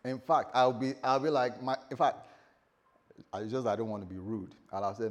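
A man preaching a lively sermon, acting out voices and laughing as he tells the story. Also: medium pitch, normal speed. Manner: animated storytelling, acts out voices, laughs often. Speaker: pastor.

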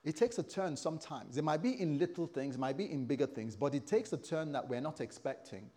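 A man's voice: fairly high pitch, animated, fairly quick, warm tone. A man in his fifties preaching a sermon, telling stories with animation and acting out the voices of people he quotes.

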